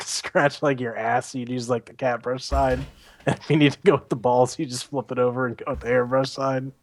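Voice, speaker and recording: A man's voice: medium pitch, dry recording. Laughing, joking podcast host man. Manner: joking, laughs often, profane. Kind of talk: casual podcast chat.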